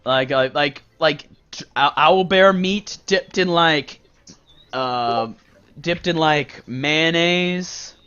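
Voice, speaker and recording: A man running a tabletop game as game master, rambling casually and hesitating often, with a voice pitched a bit high. He comes through a dull, lo-fi online voice chat. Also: takes it slowly, pushed and bright, clean tone. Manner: rambling, filler-heavy, casual.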